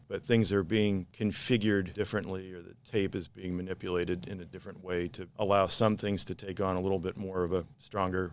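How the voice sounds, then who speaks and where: A man, a painter, talking in a measured, thoughtful way about his work in an interview. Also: deep voice, clean tone. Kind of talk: gallery interview.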